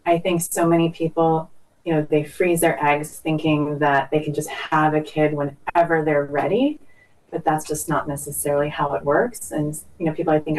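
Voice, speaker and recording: A woman's voice: deep voice, a little mellow, far from the mic, rough recording. A woman guest doctor talking casually on a podcast, chatty and self-deprecating, with jokes.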